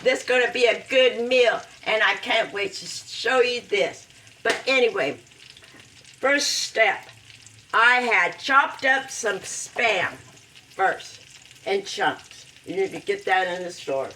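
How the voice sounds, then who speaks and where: A woman hosting a home cooking video, talking through her recipe in a slow, heartfelt way and breaking into loud whooping cheers. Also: mid-range voice, animated, distant mic, a little hiss or hum, low-quality recording. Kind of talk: casual cooking demonstration. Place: home kitchen with food frying.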